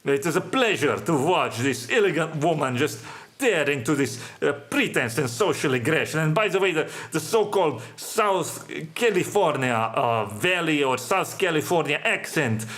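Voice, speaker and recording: A man's voice: fairly high pitch, lively intonation, moderate pace, a bit bright. A male podcast host speaking in a sardonic monologue, in non-native English that often drops articles.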